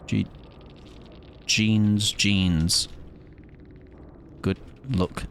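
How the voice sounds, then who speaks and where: A man's voice: on the low side, fairly even intonation, extremely slow, vocal fry, a bit bright, a little hiss or hum. A man in his late twenties, streaming a game live and chatting with his viewers in a playful, argumentative way, repeating words to test them out. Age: late 20s. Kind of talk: casual live-stream chat.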